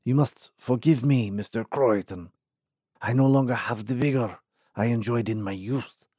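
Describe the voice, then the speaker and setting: A man voicing an ailing elderly male mine owner, gruff yet hearty, with a strained, raised old voice. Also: medium pitch, normal speed, mellow, dry recording, studio quality, natural voice.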